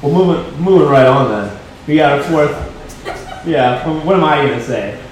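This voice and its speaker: A man's voice: on the high side, animated, normal speed, a little hiss or hum. Offhand male emcee in an echoey room. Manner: loose, offhand, joking. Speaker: emcee introducing acts. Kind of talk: live show hosting. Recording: echoey room with crowd ambience.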